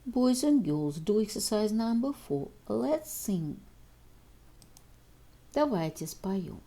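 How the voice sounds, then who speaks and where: A woman's voice: mid-range voice, big pitch swings, slow pace, long pauses, mellow. A woman teacher, reading out homework exercises and answers to children and addressing them directly. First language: Russian. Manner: reads exercises aloud and addresses pupils directly. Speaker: English teacher. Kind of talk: recorded homework walkthrough for children.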